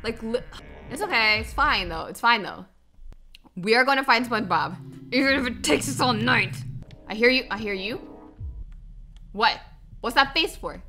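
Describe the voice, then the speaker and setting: A young woman talks through a game for her viewers in a chatty, exclaiming way. Her voice sits fairly high and swings widely up and down. Game music plays clearly underneath. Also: animated, moderate pace, long pauses. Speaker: gaming streamer. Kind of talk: casual gameplay commentary. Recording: music playing behind.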